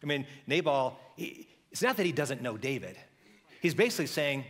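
A man preaching a sermon as pastor, telling a story in a lively conversational way and acting out the characters' voices. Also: medium pitch, normal speed, in a large hall. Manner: conversational with frequent restarts.

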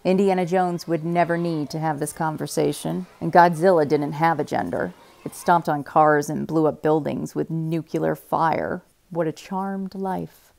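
A woman reading a young adult novel aloud in a quiet, measured first-person narration. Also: low-pitched, steady tone, gravelly. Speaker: reader.

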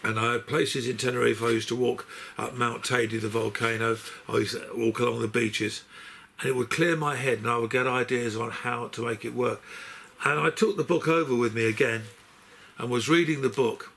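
Unwell and rambling, an older man unboxes his box set while telling long stories, halting and restarting his sentences and correcting himself as he goes. His medium-pitched voice is steady, at a normal speed, a bit bright, with vocal fry.

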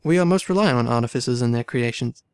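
A man's voice: medium pitch, fast, smooth, dry recording, close to an everyday voice. A man reading as a formal, wary young valet. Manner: formal, suspicious.

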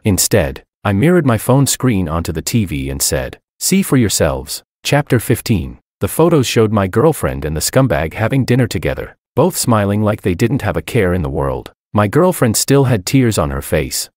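A man's voice: low voice, darkish tone, no echo, studio quality. A man reading a first-person drama story aloud, with wry, theatrical timing and a sly edge. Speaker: story narrator.

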